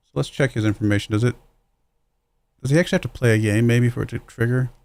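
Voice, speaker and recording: A man with a mid-range voice and a steady tone talks fast, his voice creaky and a little mellow, in a dry recording. He casually comments while playing a football management game on a livestream, musing aloud and laughing at his own slip-ups in a self-deprecating way.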